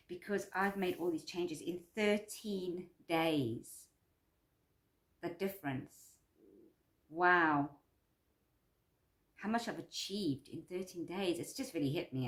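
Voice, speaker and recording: A woman's voice: on the low side, a little slow, echoey room. A woman doing a personal check-in vlog about her course, talking in a rambling, repetitive, upbeat and self-affirming way. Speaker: vlogger and course creator.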